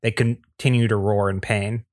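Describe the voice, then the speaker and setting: A man narrating stage directions in a steady, plain read with small slips, at a table read. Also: lowish voice, moderate pace, dry recording, clean studio sound.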